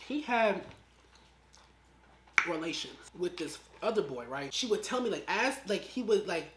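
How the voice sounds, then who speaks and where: A young woman telling a story in a casual, slangy, animated way, acting out quotes and eating as she talks. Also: on the low side, unhurried, background noise. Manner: eating while talking. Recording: roomy echo.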